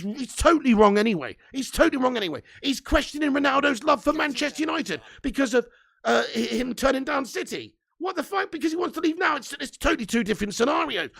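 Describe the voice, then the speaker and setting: A man hosts a live football fan stream in an indignant, profane rant. His voice sits very high for a man and grinds with strong vocal fry. He keeps swearing as he reacts to the news. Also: expressive, quick pace, fairly bright tone. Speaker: fan channel host.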